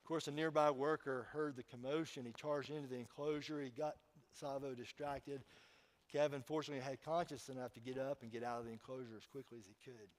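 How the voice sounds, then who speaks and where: A man delivering a Sunday sermon from the pulpit, mid-pitched and emphatic. He tells a story with bursts of loudness and then drops low to speak directly to his listeners. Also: steady tone, fast talker, poor audio. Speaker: pastor. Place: church.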